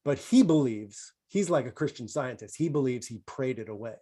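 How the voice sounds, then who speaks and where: A comedian guest on a video call chats casually, rambling and amused with himself, using plenty of fillers. His mid-range voice is expressive, dark, and husky, at a moderate pace.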